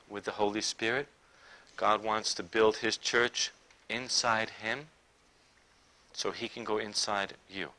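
Bright-voiced man preaching a sermon. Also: on the low side. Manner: emphatic, swinging between loud declaring and quiet intimate asides.

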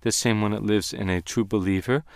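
A man teaching a Bible lesson on Hebrew words, speaking deliberately and slowing down to stress key words. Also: lowish voice, fairly even intonation, no echo, clean studio sound.

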